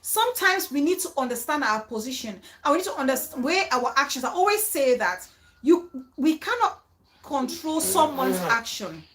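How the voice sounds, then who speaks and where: A woman hosting a casual, animated reaction chat about a reality show, acting out other people's words. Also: sits high, moderate pace, poor audio. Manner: animated, dramatic, quotes others in mock voices.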